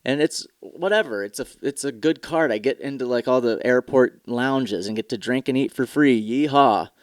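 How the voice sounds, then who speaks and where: This is a man hosting a casual solo podcast, his talk candid, rambling and peppered with profanity. His pitch sits mid-range. The sound is close and dry, with no room around it. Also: normal speed, no room sound. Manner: candid, profane, rambling with mock commercial voices. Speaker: podcast host.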